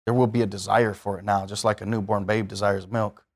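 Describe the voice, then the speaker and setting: A man's voice: fairly low pitch, level tone, fairly quick, vocal fry. A man, sounding, preaching a sermon in a conversational way that rises to emphatic bursts and puts questions to the listeners.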